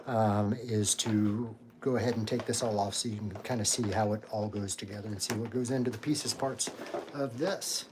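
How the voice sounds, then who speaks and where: A man hosts a casual live Q&A and rambles in a friendly, unpolished way, full of ums and uhs. He is pulling off pieces of costume armor as he talks. Steady hiss and clicking run under the recording. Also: mid-range voice. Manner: chatty and rambling, with many fillers. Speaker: cosplay channel host.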